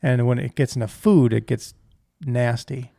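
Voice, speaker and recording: A man's voice: medium pitch, normal speed, gravelly, dark tone, no echo, studio quality. A man co-hosting a podcast, giving emphatic opinions with stammering restarts. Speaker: podcast co-host. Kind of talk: casual chat.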